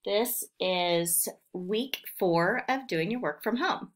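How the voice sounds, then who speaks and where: Woman teacher, remote phonics lesson, unhurried, patient sounding-out, mid pitch. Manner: patient, sounding out words slowly. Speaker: second grade teacher.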